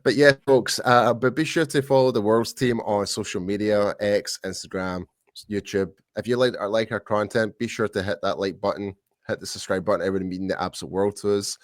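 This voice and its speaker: A man from the UK with a low voice chats through a sports podcast, looping back and restarting his sentences as he goes. The recording sounds dry and close. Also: steady tone, brisk, no room sound. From United Kingdom. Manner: rambling, many restarts and fillers. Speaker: podcast co-host. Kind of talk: casual sports podcast chat.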